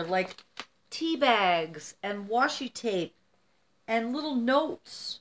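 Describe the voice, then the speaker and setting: A woman's voice: a little high, lively intonation, slow. A middle-aged woman from the United States, chatting casually to camera while opening gifts, emotional and rambling.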